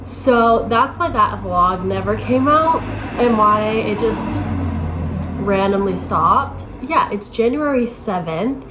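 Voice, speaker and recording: A woman in her late twenties chats casually to camera at home as she moves to her desk, rambling and self-deprecating with lots of "like" fillers. Her medium-pitched voice is slow with lively intonation, and the vlog has a noisy background.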